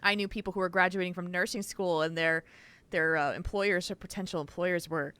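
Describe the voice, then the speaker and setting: A woman's voice: fairly low pitch, steady tone, a little fast, bright, forceful tone, clean tone. A woman co-hosting a podcast, giving earnest, chatty advice in a casual way. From Wisconsin, US. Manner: earnest, advice-giving, with frequent you-knows. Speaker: podcast co-host.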